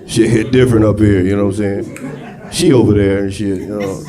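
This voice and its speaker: A young man performing a crude, excitable stand-up set, on a comedy club stage with a handheld mic. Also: fairly low pitch, a little fast. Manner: loud, crude, excitable storytelling. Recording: live club with loud crowd. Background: audience laughing.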